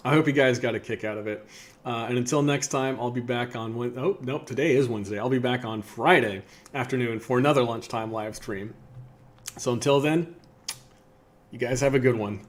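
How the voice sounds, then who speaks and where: A man's voice: medium pitch, fairly quick. A man in his thirties hosting a casual lunchtime livestream, reading funny articles aloud with lots of ums and uhs and chuckling as he goes. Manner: chatty, many fillers, laughs at what he reads. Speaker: livestream host.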